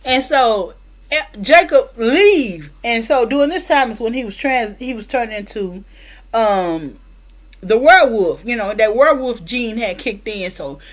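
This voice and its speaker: A woman's voice: on the high side, animated, measured pace, rough recording. A woman casually retelling a movie plot, rambling with many fillers and acted-out quotes, with features. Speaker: film reviewer.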